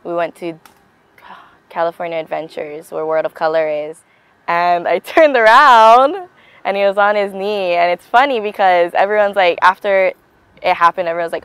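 A woman's voice: fairly low pitch, moderate pace, a bit bright, smooth, no echo, low-quality recording. Playful young woman telling a love story. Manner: playful, acts out quotes, affectionate. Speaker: bride-to-be interviewed for an engagement video. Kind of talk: casual storytelling interview.

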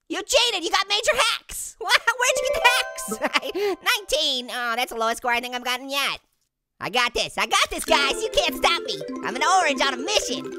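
A squeaky, giggling cartoon orange. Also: male voice, big pitch swings, normal speed. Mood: giddy, taunting. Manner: goofy, boastful, trash-talking with toilet humor. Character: cheeky hyper male talking orange. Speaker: gamer. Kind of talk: let's-play game commentary. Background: game music.

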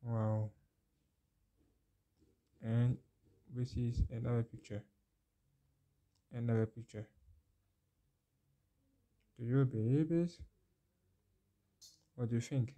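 Speaking slowly with frequent pauses, a man with a dark, steady, mid-range voice leads a phone tech tutorial recorded from his screen. He takes the viewer through each step, questioning them directly, repeating himself, and exclaiming about the results.

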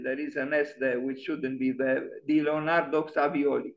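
A man's voice: fairly high pitch, normal speed, few pauses, highs cut off. A man giving an online lecture on architecture, musing and emphatic, often restarting his sentences. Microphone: video call.

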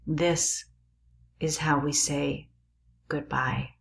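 A woman voicing a dying old male professor whose thin, raspy voice comes in short, breathy bursts near a whisper. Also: low-pitched, steady tone, drawn-out words, exaggerated voice. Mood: faint, tender.

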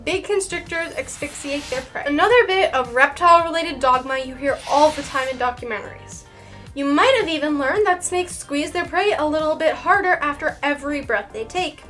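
High-voiced, playful woman. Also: normal speed, faint music behind. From Canada. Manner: lively, playful and sarcastic, with dramatic emphasis. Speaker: reptile educator and channel host. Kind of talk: educational video explaining science.

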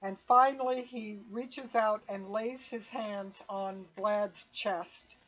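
A woman's voice: mid-range voice, fairly even intonation, takes it slowly. Woman game master, dull lo-fi audio. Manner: narrates steadily with fillers. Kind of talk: narrating a tabletop game.

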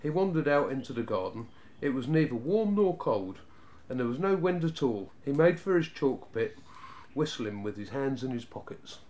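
A man narrating a children's storybook in a steady, even reading voice. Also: mid-range voice, normal speed.

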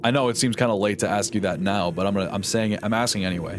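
A man's voice: fairly low pitch, rapid-fire, noisy background. A young man streaming a game live, chatting in a rambling, jokey, sarcastic way. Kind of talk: casual live-stream chat while gaming.

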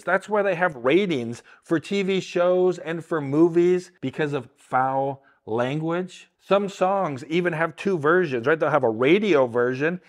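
An older man giving a casual, earnest Bible teaching, often repeating words and asking "right?" along the way. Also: on the high side. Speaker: Christian teacher.

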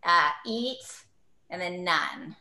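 A woman on a video call calmly explaining a greeting step by step to the group. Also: lowish voice, slow, a little hiss or hum. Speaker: congregant.

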